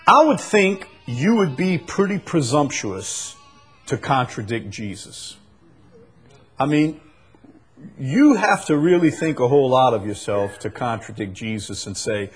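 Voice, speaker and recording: A man preaching a sermon, swinging from loud emphatic peaks to soft low drops and stretching key words. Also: slightly rough.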